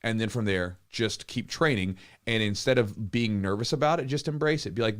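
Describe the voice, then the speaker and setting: A man in his thirties, a podcast host, talks in a fairly low voice, casual and chatty. He tells stories with energy and acts out the quotes, and he swears now and then. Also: brisk, few pauses. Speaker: podcast host and jiu-jitsu coach. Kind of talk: casual live Q&A chat.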